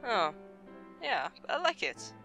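A let's play host who reads a narrative game's text aloud slowly and dramatically, then chats with excitement about the game. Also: medium pitch, over music.

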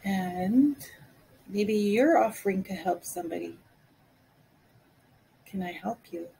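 A woman giving a language lesson, saying each phrase slowly and repeating it for learners. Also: mid-range voice, vocal fry, mellow, a little hiss or hum, poor audio. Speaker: Cree language teacher.

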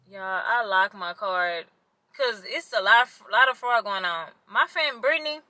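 A woman's voice: medium pitch, bright, forceful tone, dry recording, low-quality recording. A young woman, chatting casually to the camera in a vlog and complaining to her viewers. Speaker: vlogger.

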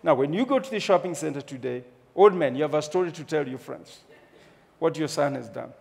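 A man's voice: a little high, fairly quick, vocal fry. Kenyan man telling a story on stage. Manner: humorous, animated storyteller. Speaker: speaker. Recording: long hall reverb.

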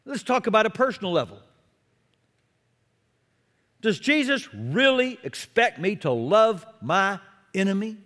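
A middle-aged man preaching a sermon as pastor, expressive, with self-deprecating humor. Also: high voice, a little slow, long pauses, in a large hall.

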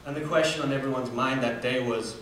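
In a distant recording from a very reverberant hall with faint room hum, a young man from Namibia in his 20s shares a personal story. He's an earnest student speaker, medium-pitched and fairly bright, talking a little fast with fillers and restarts.

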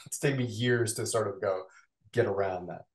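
A man, a voice actor being interviewed, chatting in a quick, animated, self-mocking way. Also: fairly low pitch. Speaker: voice actor guest. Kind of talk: casual interview chat. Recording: roomy echo.

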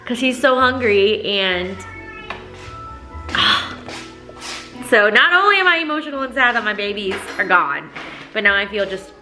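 A woman's voice: mid-range voice, very animated, unhurried, long pauses, bright, forceful tone, faint music behind. A woman in her thirties chatting casually to her phone camera at home as a mom vlogger, talking with feeling and laughing often. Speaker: vlogger, mother. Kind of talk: casual vlog chat. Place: home, indoors.

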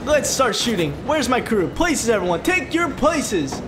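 A flamboyant ghost film director from a video game, full of grand theatrical flourishes, as a man reads his lines aloud. The voice sits high and swings widely in pitch. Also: big pitch swings, a little slow, over music, full character voice. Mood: enthusiastic.

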